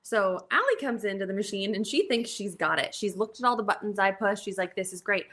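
A young woman guest on a podcast, retelling a trip in lively casual chat and acting out the story. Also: medium pitch, brisk.

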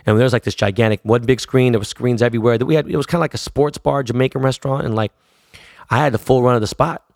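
A man's voice: mid-range voice, steady tone, fast, creaky, a little mellow, no echo, clean studio sound. A man, a DJ telling stories casually in profane, laid-back street slang. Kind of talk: casual storytelling.

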